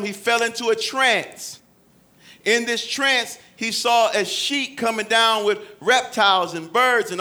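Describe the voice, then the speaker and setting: High, bright-voiced preaching man. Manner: preaching with dramatic voiced quotes, shifting loud and soft. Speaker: pastor. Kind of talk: sermon.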